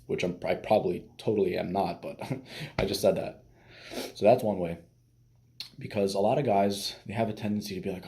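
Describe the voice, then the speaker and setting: A young man with a low, mellow voice talks through dating advice in a loose, conversational way. He restarts his sentences often and drops in fillers as he goes. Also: steady tone, a little fast, pauses often. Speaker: dating coach. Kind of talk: casual advice talk.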